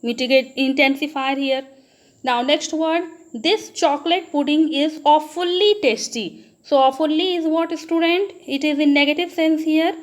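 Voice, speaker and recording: A woman's voice: high voice, moderate pace. A woman teacher with an Indian English accent giving a grammar lesson, often addressing the students and asking, then answering, her own questions. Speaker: school teacher.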